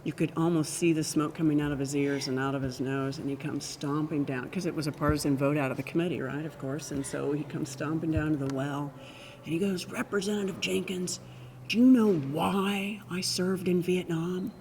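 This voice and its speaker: A woman's voice: sits low, fairly even intonation, fairly quick, in a large hall, slight background noise. An older woman, a former state legislator, telling anecdotes in an oral history conversation and often breaking into laughter. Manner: warm anecdotal storytelling, bursts of laughter.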